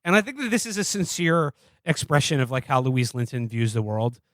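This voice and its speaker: A man's voice: medium pitch, a little fast, no room sound. A man co-hosting a podcast, rambling and sardonic as he reviews a film in casual, profane chat. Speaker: podcast co-host.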